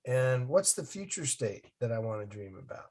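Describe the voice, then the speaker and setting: A man in his fifties from Massachusetts, a guest telling his story in a lively, folksy, upbeat way. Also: mid-range voice, normal speed, a crowd in the background. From Massachusetts, USA. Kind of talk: casual interview storytelling.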